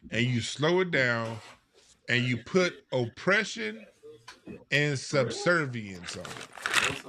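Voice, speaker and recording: A man with a medium-pitched voice hosts a podcast against a noisy background, reacting to clips he plays. He animatedly breaks each one down and repeats his points for emphasis.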